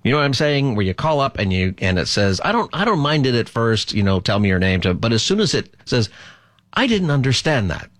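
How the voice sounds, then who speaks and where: A man's voice: medium pitch, very animated, brisk, a bit bright, no echo, clean studio sound. A middle-aged man hosting a call-in radio talk show, chatty and rambling, often laughing.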